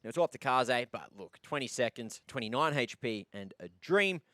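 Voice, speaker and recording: A man calling fast play-by-play on an esports shooter match. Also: medium pitch. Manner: excitable play-by-play. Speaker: esports caster. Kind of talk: play-by-play commentary.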